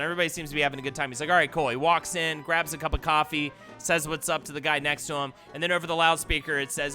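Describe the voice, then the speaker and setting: A man hosting a live stream reads jokes aloud in a bright, slightly high voice, laughing along as he goes. He tells long stories with plenty of playful asides. Faint music plays behind him. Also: steady tone, fast, hardly any pauses. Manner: playful joke-telling, laughs often. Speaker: host.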